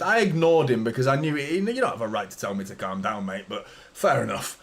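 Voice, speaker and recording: A man's voice: medium pitch, animated, brisk, hardly any pauses. A man hosting a live football watchalong, commentating and ranting at his team's players with frustrated, sweary exasperation. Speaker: fan channel host.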